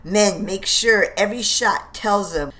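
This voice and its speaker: A commanding colonel on the battlefield, calling out orders to his troops, as a woman reads his lines. The delivery is slow and firm, the voice raised above the usual reading voice. It sounds like a read-aloud war drama. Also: mid-range voice, a bit bright, close to an everyday voice. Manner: barked orders. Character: male American colonel, commanding officer in battle.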